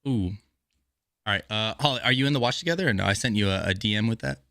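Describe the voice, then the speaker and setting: Bright-voiced joking male podcast host. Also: on the low side, fast, vocal fry, no room sound, studio quality. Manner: upbeat, joking, self-mocking. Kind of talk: casual chat.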